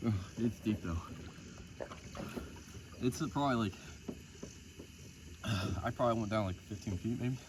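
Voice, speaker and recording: A man's voice: lowish voice, measured pace, long pauses, echoey room, noisy background. Laid-back young man out on a lake. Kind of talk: casual outdoor vlog chat. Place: outdoors in a lake.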